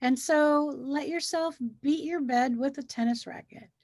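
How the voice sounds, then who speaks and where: A woman's voice: high-pitched, a little slow, dry recording, clean studio sound. A woman in a casual chat about feelings, talking animatedly and acting out the way she speaks to children. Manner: animated, acts out what she says to children.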